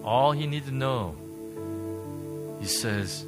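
Guy preaching a sermon, gets loud then goes quiet, music going clearly behind him. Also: medium pitch, expressive, a little slow. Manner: passionate preaching, swings from loud to hushed. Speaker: pastor. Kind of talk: sermon with altar call. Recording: music playing under the preaching. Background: worship music.

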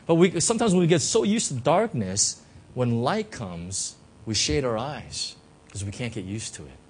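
A man's voice: mid-range voice, sing-song, moderate pace, darkish tone, slightly rough. A man preaching a sermon as pastor, talking conversationally with many fillers and rhetorical questions. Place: church.

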